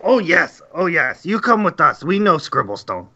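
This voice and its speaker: A high, squeaky little goblin, as a man puts him on, fawning and simple-minded. He mangles his grammar in eager bursts that jump upward. The sound is dull and lo-fi, like a home tabletop recording. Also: very animated, normal speed, bright, forceful tone, heavily acted. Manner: broken grammar, eager and wheedling. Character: small dim male goblin guard, fawning. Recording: dull lo-fi audio.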